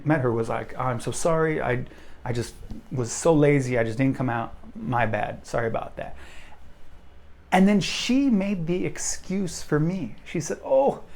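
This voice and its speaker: A man's voice: medium pitch, darkish tone. A young man vlogging straight to camera, blunt and self-deprecating in a casual rant. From United States.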